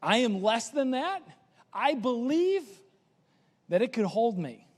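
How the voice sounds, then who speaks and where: A man's voice: very high-pitched, big pitch swings, slow pace, in a large hall, heavily acted. A man preaching a sermon, voicing a cautious, clever man who politely refuses to sit in a chair. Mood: matter-of-fact.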